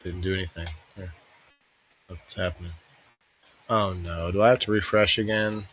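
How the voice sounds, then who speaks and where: Bright-voiced man hosting a live stream. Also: sits low, fairly even intonation, moderate pace, dull audio, slight background noise. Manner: rambling, jokey, addresses chat viewers by name. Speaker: livestream host. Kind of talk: casual live-stream chat.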